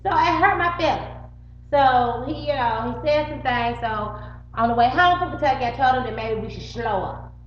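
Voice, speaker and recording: A middle-aged woman with a fairly high voice recounts a fight in a loose, animated vlog style. She curses without hesitation and jumps between her own lines and everyone else's. The recording is roomy and slightly muffled, with a faint hum under it. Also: normal speed. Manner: animated, swears freely, acts out both sides of arguments. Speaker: vlogger. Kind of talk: casual storytelling to camera.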